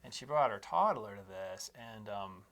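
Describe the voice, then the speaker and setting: A man co-hosting a parenting podcast, telling humorous stories in a rambling way that trails off quietly, recorded in a studio. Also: fairly low pitch, lively intonation, normal speed. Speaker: podcast co-host. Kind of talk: casual chat. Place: studio in Colorado.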